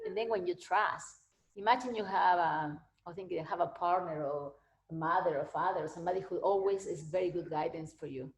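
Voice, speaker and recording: A woman's voice: on the low side, lively intonation, brisk, creaky. A woman giving a casual spiritual talk and answering questions, rambling and repeating herself, often laughing. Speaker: spiritual teacher. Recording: echoey room.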